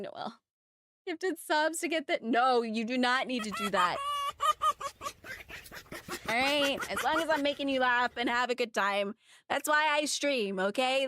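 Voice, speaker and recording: A young woman streaming a game, excitable and gushing as she thanks her chat. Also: fairly high pitch, no echo, studio quality. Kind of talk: casual live-stream chat.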